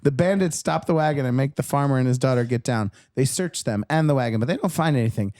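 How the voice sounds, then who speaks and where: A man on a comedy podcast chatting casually and telling a joke, quiet and self-deprecating, laughing often. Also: mid-range voice, fast talker, no room sound.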